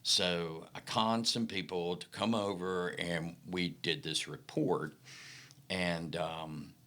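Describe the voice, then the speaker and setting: A middle-aged man from the Delta, a podcast guest telling folksy, animated stories about his career. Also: sits low, takes it slowly. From Mississippi Delta, American South. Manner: folksy, animated anecdotes with acted-out quotes. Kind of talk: casual storytelling interview.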